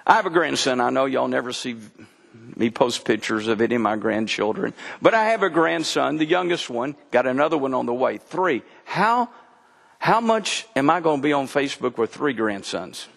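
A man's voice: mid-range voice, animated, moderate pace, vocal fry, a bit bright, big-room sound. An older man preaching a sermon, telling folksy stories and swinging his voice up and down for emphasis. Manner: folksy storytelling preacher, voice rising and dropping for emphasis. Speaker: pastor.

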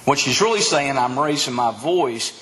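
A man's voice: mid-range voice, expressive, moderate pace, fairly bright tone. A man preaching a sermon as a pastor, delivering it with animation and acting out the voices of the crowd. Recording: long hall reverb.

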